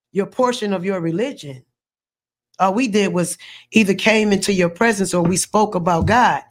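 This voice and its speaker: Emphatic woman preaching on a podcast. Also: medium pitch. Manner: preachy, emphatic, repeats words. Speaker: podcast host. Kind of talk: faith discussion.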